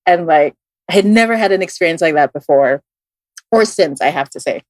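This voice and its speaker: In a dry recording, a woman with a Filipino accent, a tarot reader on a podcast, tells a story a little fast and casually, with frequent fillers and restarts. She's animated and acts out quoted voices, her pitch jumping dramatically.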